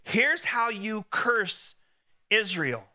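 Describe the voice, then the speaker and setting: A man's voice: high-pitched, big pitch swings, extremely slow, bright, forceful tone. A man preaching a sermon in a conversational way, lifting his voice when he quotes God.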